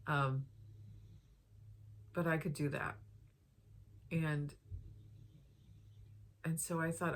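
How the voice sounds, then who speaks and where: Woman with a deep low voice, heartfelt personal vlog, talks slow and sincere. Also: steady tone, slight background noise. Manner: earnest, heartfelt, drawn-out phrasing. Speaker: health vlogger.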